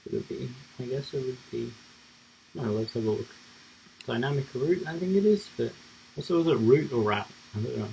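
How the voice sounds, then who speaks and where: A man's voice: medium pitch, fairly quick, creaky, pauses often, mellow, a little hiss or hum, rough recording. A man streaming himself coding live, thinking aloud in a rambling, casual way with lots of fillers.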